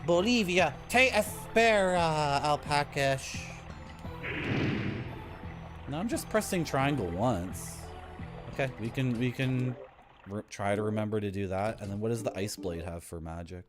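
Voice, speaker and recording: A man's voice: fairly low pitch, expressive, normal speed. A man streaming a video game, casually commenting and joking with his chat. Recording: game music behind voice.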